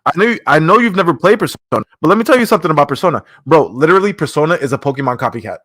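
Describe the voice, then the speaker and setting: A man on a casual gaming podcast who sounds keyed up and rambles on, swearing freely. His voice sits a little higher than most men's, and he keeps talking through a bout of hiccups. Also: rapid-fire. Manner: excitable, rambling, swears often. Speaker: podcast co-host.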